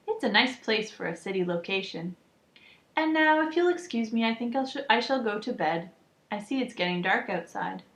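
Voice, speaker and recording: A woman voicing a soft, musical little bird. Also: a little high, animated, normal speed. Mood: polite. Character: gentle, polite little hen bird. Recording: echoey room, muffled lo-fi sound.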